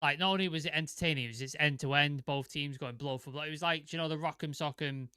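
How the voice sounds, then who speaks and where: A young man co-hosting a casual football chat, excitable and swearing often. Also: a little high, fast, smooth, no echo, studio quality. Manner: excitable, swears a lot, vivid comparisons. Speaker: football podcast co-host.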